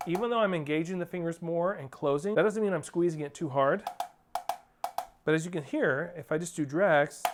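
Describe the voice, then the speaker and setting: A man's voice: on the high side, brisk, noisy background. Man coaching drum rudiments. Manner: coaching, counts off and sings rhythms as syllables. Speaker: percussion teacher. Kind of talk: instructional drum lesson. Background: percussion playing.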